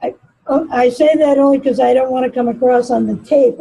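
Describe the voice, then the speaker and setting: A woman's voice: high-pitched, fairly even intonation, fairly quick, creaky, dark tone, husky, poor audio. A woman moderating a meeting who asks questions into a built-in computer microphone, in a friendly, slightly self-conscious manner. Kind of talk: casual meeting talk.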